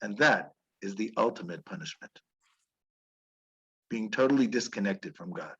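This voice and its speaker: Animated, husky-voiced rabbi lecturing. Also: male voice, lowish voice, normal speed, highs cut off. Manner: animated, chuckling, conversational. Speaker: rabbi teaching. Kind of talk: storytelling lecture.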